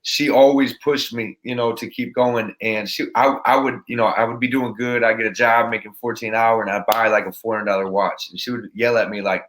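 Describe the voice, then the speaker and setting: A man talking as a podcast guest with a motivational speaker's energy. He rambles and restarts his sentences, and his voice stays at a middle pitch. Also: level tone, brisk, few pauses, a bit bright. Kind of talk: casual interview chat.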